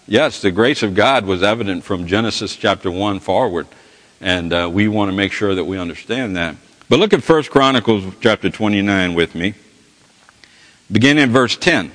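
A man teaching a Bible study lesson in a folksy, halting way with many restarts. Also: lowish voice, a bit bright, big-room sound.

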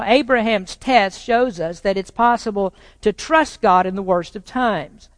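Preacher ringing through a long-reverb hall. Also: medium pitch. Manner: swings between loud proclaiming and quiet, probing rhetorical questions. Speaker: pastor. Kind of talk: sermon. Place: church sanctuary with a congregation.

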